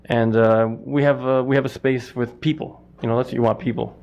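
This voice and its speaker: A man's voice: mid-range voice, steady tone, a little fast, darkish tone, highs cut off. A middle-aged man from Canada, a stand-up comic and butcher, answering interview questions in a rambling, self-interrupting way.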